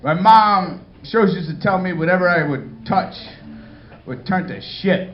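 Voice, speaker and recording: A man's voice: high voice, moderate pace, a little hiss or hum. A man doing stand-up comedy, crude and self-deprecating, often laughing at his own jokes. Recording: roomy, dull live club sound with crowd.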